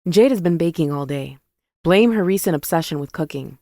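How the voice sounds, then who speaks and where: A woman voicing a calm, friendly young man in a romance story reading. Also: fairly low pitch, a little fast, no room sound, clean studio sound.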